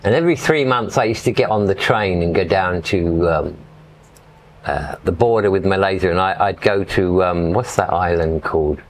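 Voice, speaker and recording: A man's voice: sits low, moderate pace. A middle-aged man from England telling stories in a casual, rambling way as an interview guest, dropping "you know" often. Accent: English. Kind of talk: casual storytelling.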